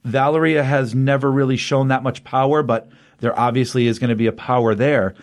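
A man's voice: medium pitch, steady tone, a little fast. A man co-hosting a comic book podcast, speculating aloud in casual chat. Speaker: podcast co-host.

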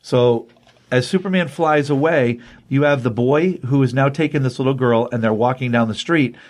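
A man hosts a casual talk show and walks through a comic's plot scene by scene. He slips into the characters' dialogue as he goes, and "um" and "like" pepper his speech. His voice sits at an ordinary middle pitch. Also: normal speed. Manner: animated retelling that acts out the dialogue, with many fillers. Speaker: podcast co-host. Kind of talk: casual comic-book recap.

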